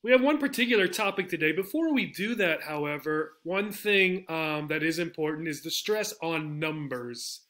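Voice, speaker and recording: A man's voice: on the high side, expressive, normal speed, few pauses, a bit bright. A man teaching an English pronunciation lesson, speaking patiently and repeating each model word several times. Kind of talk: slide-based pronunciation lesson.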